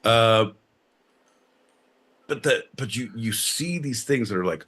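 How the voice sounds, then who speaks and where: A man's voice: medium pitch, animated, normal speed, a bit bright, slightly rough. A man co-hosting a podcast, swearing and riffing sarcastically in casual banter. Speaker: podcast co-host.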